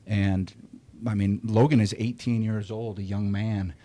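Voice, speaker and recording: Man, 40s, lowish voice, blunt, swears a lot, candid podcast guest. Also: level tone, unhurried, warm tone. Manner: blunt and profane, reflective. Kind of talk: candid casual chat.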